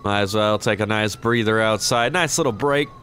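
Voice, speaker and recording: A man's voice: lowish voice, normal speed, fairly bright tone, slight background noise. A young man playing a shop clerk in an online roleplay game, chatting casually, swearing now and then and drawling out his action emotes. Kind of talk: casual gameplay commentary and in-character chat.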